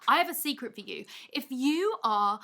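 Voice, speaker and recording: A woman holds forth from a rented room in an excitable, comedic rant. Her voice is bright and a little sharp. She talks fast, leans hard on her points and keeps turning the jokes back on herself. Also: high voice. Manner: excitable, rapid, emphatic, self-mocking. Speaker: video essayist host. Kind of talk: energetic comedic rant to camera. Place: rented apartment room, indoors. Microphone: camera mic, seated in wheeled office chair.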